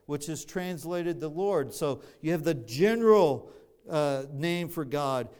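A man preaching a sermon with a smooth, clear voice that sits fairly high for a man. He talks slowly and explains each point step by step, often going back to restart a phrase. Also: darkish tone. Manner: measured, explanatory, with frequent restarts.

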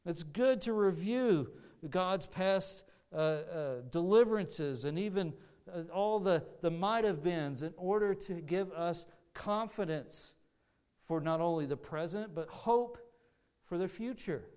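A man's voice: high-pitched, lively intonation, measured pace, a little mellow, clean tone. A man preaching a sermon, earnest and teaching, often restarting his phrases. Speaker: pastor.

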